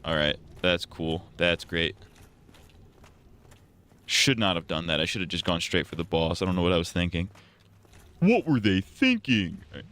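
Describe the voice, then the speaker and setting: A low-voiced man chats casually while playing a game on a live stream. He rambles from joke to joke and keeps poking fun at himself. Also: little pitch movement, normal speed, long pauses, bright, forceful tone, clean tone. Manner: rambling, joking, self-mocking.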